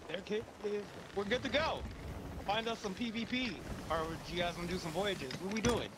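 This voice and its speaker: A man with a high voice trades laughing, swearing banter with friends while playing a game. Loud boat and water sounds from the game roar behind him. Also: a little fast, noisy background. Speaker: player. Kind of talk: casual gaming chat.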